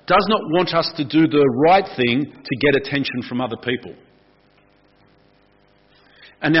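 Husky Australian man preaching. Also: fairly high pitch, muffled recording. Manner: lively, asks the congregation questions. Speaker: pastor. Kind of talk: conversational sermon.

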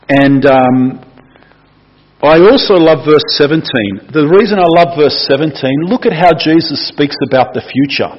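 A man's voice: a little high, lively intonation, fairly quick, slightly rough, highs cut off. A man giving a casual, chatty sermon and asking the congregation questions. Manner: chatty and playful, asks the room questions. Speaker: preacher.

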